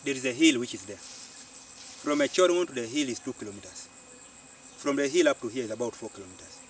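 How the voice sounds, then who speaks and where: A Ugandan man, a farmer and community organiser, telling his story in an animated way and repeating phrases for emphasis, recorded outdoors. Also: medium pitch, brisk, a little hiss or hum. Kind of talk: storytelling interview. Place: outdoors on a farm. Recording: distant mic outdoors, faint insects.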